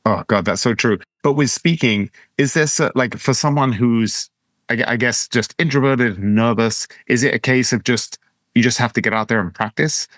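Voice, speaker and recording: A man's voice: mid-range voice, moderate pace, fairly bright tone, dry recording. A man hosting a podcast interview who speaks hesitantly, restarting his phrases, and affirms his guest. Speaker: podcast host.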